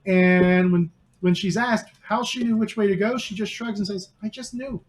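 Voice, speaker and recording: A man's voice: sits high, fairly even intonation, moderate pace. A man running a tabletop game as game master, narrating the scene in a storytelling way with small restarts. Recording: noisy home stream audio.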